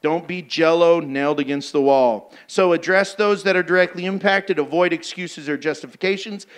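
High-voiced blunt preacher man. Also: moderate pace. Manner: blunt, emphatic, exhorting. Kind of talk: sermon.

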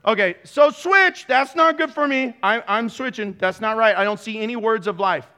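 A man's voice: sits high, moderate pace, bright, forceful tone. A man preaching a sermon as pastor at a church service, joking through it with sarcastic, playful asides.

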